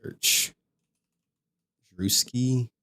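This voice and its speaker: A man's voice: very slow, bright, forceful tone. A man hosting a livestream, chatting casually and rambling to his viewers with frequent laughs. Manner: rambling, laughs often, talks to chat. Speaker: livestream host. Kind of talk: casual stream chat.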